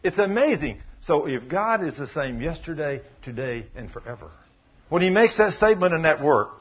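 A man preaching a sermon, retelling a story, dropping to low murmurs and rising to loud exclamations. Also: sing-song, moderate pace, slightly rough. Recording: dull lo-fi recording.

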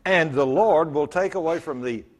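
A middle-aged man preaching a sermon as pastor, telling stories with self-mocking humor and rising to loud emphatic bursts. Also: a little high, normal speed.

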